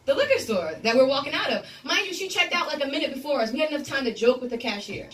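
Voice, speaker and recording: A young woman on a radio show, telling a story in a lively, profane, vivid way. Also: sits high, fast, faint music behind. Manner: animated, profane, vivid retelling. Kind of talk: casual storytelling chat. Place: radio studio. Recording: voice distant from the mic.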